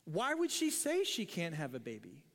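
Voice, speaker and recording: A male pastor quoting the Lord speaking to Abraham in a calm, knowing tone during a sermon. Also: fairly high pitch, normal speed, long reverb tail.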